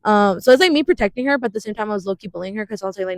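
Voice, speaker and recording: A woman in her twenties co-hosting a podcast in casual chat, talking fast with many fillers and frequent laughs. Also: medium pitch, no room sound. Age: 20s. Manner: chatty, laughs often, uses many fillers. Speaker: podcast co-host.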